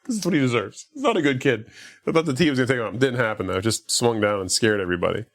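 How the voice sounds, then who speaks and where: A man's voice: medium pitch, expressive, very fast, creaky. A man casually recapping a movie on a podcast, rambling with lots of fillers and acting out the characters' lines. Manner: rambling, lots of "like", acts out quotes. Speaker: podcast co-host.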